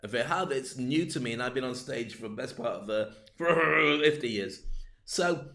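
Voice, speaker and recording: A man's voice: mid-range voice, moderate pace, creaky. An older man coaching on speaking, playful and jokey, acting out little scenes with many asides. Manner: animated, acts out little scenes. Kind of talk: livestream talk.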